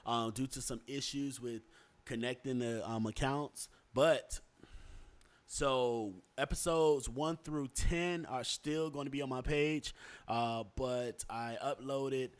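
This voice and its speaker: Young male podcast host, casual rambling delivery, filler-heavy, middle pitch. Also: steady tone, slow, smooth. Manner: loose, rambling, many fillers and restarts.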